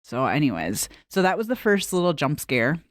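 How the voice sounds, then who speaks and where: A woman's voice: low voice, very animated, normal speed, no echo, clean studio sound. A woman co-hosting a podcast, telling a story in casual chat with plenty of swearing and laughter. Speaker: podcast co-host.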